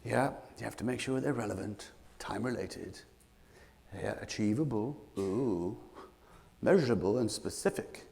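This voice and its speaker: British man, motivational speaker, raspy, energetic, lots of call-and-response, big reverberant hall. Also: on the low side, moderate pace. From Britain. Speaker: leadership coach, keynote speaker. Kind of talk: motivational keynote talk. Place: conference stage before an audience.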